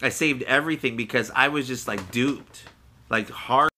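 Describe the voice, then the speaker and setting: A man's voice: medium pitch, normal speed, pushed and bright, slight background noise. A man co-hosting a casual podcast, telling a personal story in a rambling, candid way with fillers and swearing, acting out what other people said. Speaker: podcast co-host.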